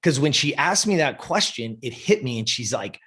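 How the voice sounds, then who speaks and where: A man in his fifties telling a personal story in an interview, animated and profane, often checking in with "you know" and "right". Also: medium pitch, moderate pace, husky. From US West Coast. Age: 50s. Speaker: interview guest.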